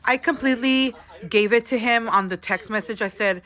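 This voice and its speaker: Speaking from a hotel room, a slightly tipsy woman vents to her viewers in a casual storytime vlog, chatting away and calling them "girl" and "y'all." Her voice sits on the high side, with a moderate pace and a fairly bright tone.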